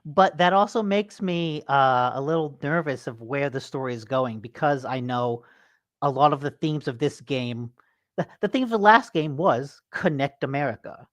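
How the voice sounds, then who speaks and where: A man hosting a casual gaming podcast, an animated storyteller who swears freely. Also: mid-range voice, moderate pace, no room sound, studio quality. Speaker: podcast host.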